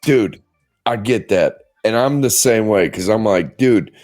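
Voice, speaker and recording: Low-voiced, laid-back podcast host man. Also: lively intonation, darkish tone, soft background music. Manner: laid-back, laughs easily, drawn-out fillers. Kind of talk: casual chat.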